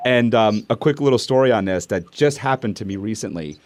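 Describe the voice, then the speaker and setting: Low-voiced man telling a story. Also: a little fast, no echo. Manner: animated, acts out family dialogue. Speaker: podcast host and speaker. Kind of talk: casual storytelling in an interview.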